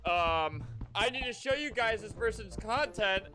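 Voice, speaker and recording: A man doing casual gaming commentary as a YouTuber, energetic and jokey, yelping and exclaiming. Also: high voice, measured pace. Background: game music.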